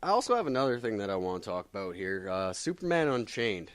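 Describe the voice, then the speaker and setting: A man's voice: on the low side, fast talker, slight background noise. A man casually reviewing comic books, rambling and swearing constantly with lots of filler words. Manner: profane, rambling, animated, many fillers. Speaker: comics vlogger.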